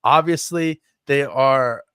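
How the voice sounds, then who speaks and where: A man's voice: mid-range voice, takes it slowly, fairly bright tone, clear, resonant tone, no room sound, studio quality. A man co-hosting a podcast in casual chat, joking around with playful exaggeration. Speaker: podcast co-host.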